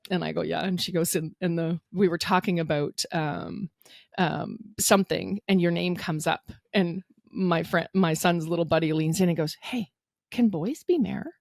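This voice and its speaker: A woman mayor in her fifties from Canada recounts stories in an interview, acting out each quote with a lively voice. Her voice has a gravelly edge. The room sounds dry and close. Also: on the low side, moderate pace, no room sound. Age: 50s. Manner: animated retelling with acted-out quotes. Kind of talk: storytelling interview guest.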